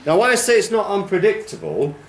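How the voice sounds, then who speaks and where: A man's voice: high voice, huge pitch swings, brisk. A man teaching a training class, explaining patiently and stretching words out to show their stress. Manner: patient and explanatory, exaggerates word stress in demonstrations. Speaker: TESOL course trainer. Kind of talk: classroom lecture. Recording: roomy classroom echo.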